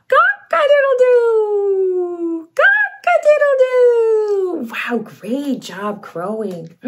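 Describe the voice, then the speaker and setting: A woman's voice: fairly high pitch, noisy background. Sing-song woman reading to toddlers. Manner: slow, sing-song, exaggerated for toddlers, imitates animal sounds. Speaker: children's show host. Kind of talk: toddler read-along lesson.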